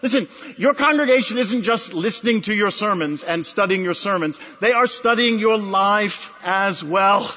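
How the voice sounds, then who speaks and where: High, bright-voiced man preaching in a hall. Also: moderate pace. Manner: emphatic, repeating phrases for effect. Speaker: pastor. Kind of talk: sermon. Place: large conference hall. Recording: dull recording in a reverberant hall.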